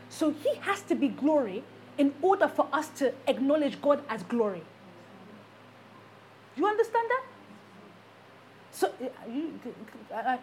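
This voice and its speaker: A woman with a high, bright-pitched voice delivers an emphatic sermon as a preacher. She hammers her points home by repeating rhetorical questions to the congregation. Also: a little hiss or hum.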